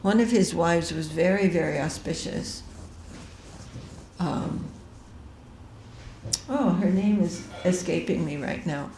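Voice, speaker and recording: Slow-talking lady storytelling, low-ish voice, echoey room with a bit of hiss. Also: a little mellow. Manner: chatty, digressive, self-correcting. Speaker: devotional reader. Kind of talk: storytelling scripture reading.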